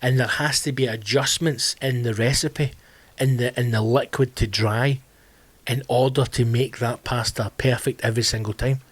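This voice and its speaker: A Scottish comedian with a Glasgow accent talks straight to his listeners in a loose solo podcast monologue. He is lively and swears freely, and his voice sits at an ordinary male pitch. The sound is dry and close, with no room around it. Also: normal speed, husky, no room sound. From Scotland. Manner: animated, swears freely, addresses listeners as team. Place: home during lockdown.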